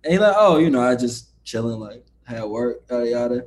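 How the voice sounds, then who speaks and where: A man's voice: lively intonation, fairly quick, a little hiss or hum. Laid-back male podcast guest. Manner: laid-back, drops to a soft low voice when explaining. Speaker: guest, entrepreneur. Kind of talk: casual interview chat.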